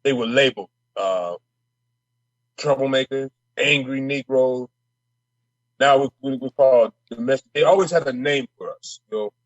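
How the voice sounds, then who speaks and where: Here a man with a mid-range voice and a Minnesota accent, a state representative, chats as a podcast guest at a moderate pace. He gets impassioned and brash, stumbling and repeating himself. It's a dry recording with the top end cut off.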